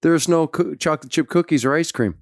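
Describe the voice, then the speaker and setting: Guy telling old team stories w lots of laughs, kinda high voice, dead dry room. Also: a little fast, no echo. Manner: laughs often while telling stories, mimics others' voices. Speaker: former hockey player guest. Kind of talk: casual storytelling.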